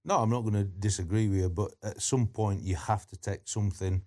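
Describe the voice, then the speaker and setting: A man who is a former goalkeeping coach, giving measured opinions as a guest on a football chat. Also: on the low side, fairly even intonation, mellow.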